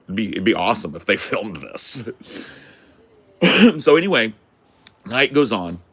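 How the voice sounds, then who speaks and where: Lowish-voiced man telling a profane story. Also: unhurried, breathy edge. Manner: profane, animated, rambling. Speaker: podcast host. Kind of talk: casual storytelling.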